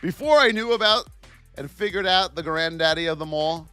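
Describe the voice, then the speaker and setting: A man teaching stock trading while reviewing charts live, in an excitable, playful way with frequent exclamations. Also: fairly high pitch, moderate pace, faint music behind. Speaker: trading educator.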